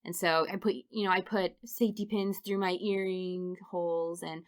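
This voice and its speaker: A woman in her thirties, a podcast guest, telling funny stories in an animated way and laughing often. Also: on the low side, normal speed. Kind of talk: casual storytelling interview.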